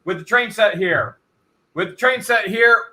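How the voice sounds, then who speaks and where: Bright-voiced man hosting a live auction. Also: sits high, measured pace. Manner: energetic, talks straight to chat viewers, repeats himself. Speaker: host of an online storage auction stream.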